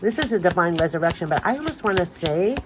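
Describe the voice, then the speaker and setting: A woman's voice: on the low side, lively intonation, quick pace, background noise. A woman doing an emotional spiritual card reading, talking in a gushing, emphatic way and repeating phrases, her voice giving out. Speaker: tarot card reader.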